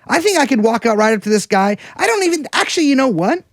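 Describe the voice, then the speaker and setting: A man's voice: very high-pitched, big pitch swings, quick pace, no room sound, clean studio sound. A man co-hosting a casual podcast, rambling and sardonic, wandering through digressions. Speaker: podcast co-host.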